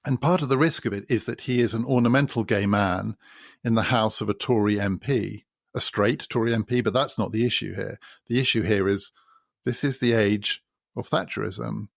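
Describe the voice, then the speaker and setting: Gravelly low-voiced man explaining a novel. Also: normal speed, no echo, studio quality. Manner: explanatory, builds points by repetition. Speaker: podcast host. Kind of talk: spoken literary commentary.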